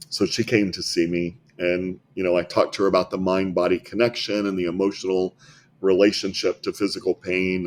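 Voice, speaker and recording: A man's voice: low voice, a little mellow, a little hiss or hum. A man, a health clinic founder, earnestly telling patient stories as a guest in a podcast interview, often repeating words as he goes.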